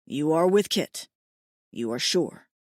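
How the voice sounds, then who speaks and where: A woman voicing a big, gruff alien barbarian man who speaks in blunt, terse phrases in an audiobook. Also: deep voice, animated, slow, darkish tone, dry recording, studio quality, voice pushed down. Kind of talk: audiobook character voice.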